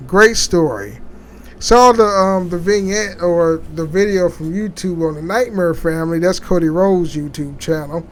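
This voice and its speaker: A man hosting a casual solo podcast, talking in a rambling, halting way with many restarts and fillers. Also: sits high, slight background noise. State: sleepy, yawning. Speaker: podcast host.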